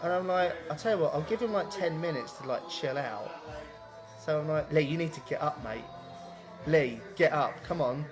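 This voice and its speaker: Crude, animated young British man telling a story. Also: fairly high pitch, normal speed, over music. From Britain. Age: young adult. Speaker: podcast co-host. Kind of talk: casual storytelling chat.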